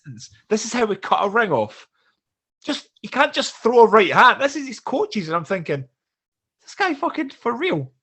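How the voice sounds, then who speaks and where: A man hosting a podcast, chatting in a relaxed way with short agreeing interjections. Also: sits high, a little fast, husky. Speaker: podcast host. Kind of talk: casual podcast chat.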